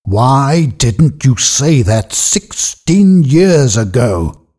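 A poor older weaver speaks quietly, full of feeling, as a male narrator voices him. The voice is slow and mellow, with a husky texture. His pitch moves with lively expression. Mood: pained. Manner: quiet, emotional.

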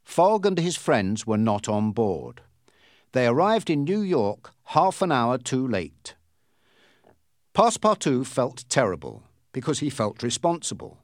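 A man reads a storybook aloud in a clear, deliberate way. His pitch rises and falls widely while the pace stays slow, and the recording is dry and close. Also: no echo. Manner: clear, deliberate reading with lively intonation. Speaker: narrator. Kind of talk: storybook reading.

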